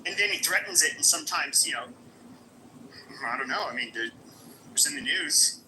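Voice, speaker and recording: A man hosts a casual live stream, crude and mocking as he rambles and restarts his sentences. His voice sits high and sounds very bright. A faint hiss of noise lies under it. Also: lively intonation, moderate pace, low-quality recording.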